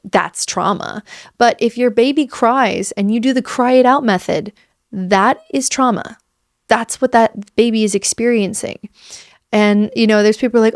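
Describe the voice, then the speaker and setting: A woman's voice: a little high, a little mellow, dry recording, clean studio sound. A woman in her thirties hosting a podcast, talking casually and emphatically, acting out quoted voices as she tells stories. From United States. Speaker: podcast host. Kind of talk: casual solo podcast talk.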